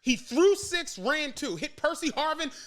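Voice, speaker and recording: A man's voice: very high-pitched, a little slow, crowd noise. A man telling a long story in casual podcast chat, laughing often, swearing freely and acting out the voices of people he quotes. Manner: animated, laughing, profane, acts out quoted voices. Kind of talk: casual storytelling among friends.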